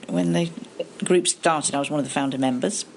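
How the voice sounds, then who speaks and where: A woman's voice: sits low, a little fast, gravelly, noisy background. An older woman, an amateur panto actor, chatting in an interview in a rambling, good-natured way. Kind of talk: casual interview chat.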